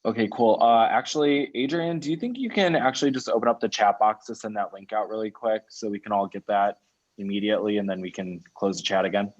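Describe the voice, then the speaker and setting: Man, meeting chair on a video call. Low voice, dull lo-fi sound. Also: fast talker. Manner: relaxed, conversational, directs speakers by name. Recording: muffled lo-fi call audio.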